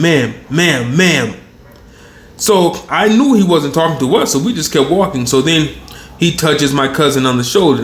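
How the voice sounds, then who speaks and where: Animated, cursing storyteller man in echoey room. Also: mid-range voice. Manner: animated, profane, rambling storyteller. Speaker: channel host. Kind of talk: casual storytelling monologue. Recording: roomy echo.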